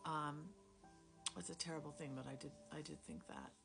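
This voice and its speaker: A woman telling a personal faith story in a casual, rambling, self-deprecating way, dropping into quiet whispers at times, recorded on a phone. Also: sits low, big pitch swings, moderate pace. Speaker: Christian storyteller sharing a testimony. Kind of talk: casual spoken testimony. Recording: music playing clearly behind the voice.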